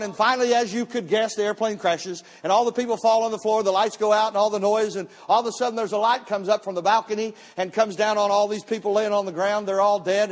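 A man preaching a sermon to a church, telling a story with emphatic, repeated words. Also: sits high. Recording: long church hall reverb.

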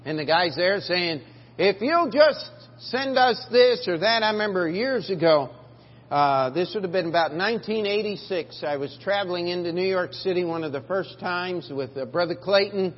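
A middle-aged male pastor preaches in a high, slightly husky voice, folksy and emphatic, often restarting his sentences. The recording is dull and lo-fi, with a long reverb from the church sanctuary. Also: moderate pace. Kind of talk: sermon.

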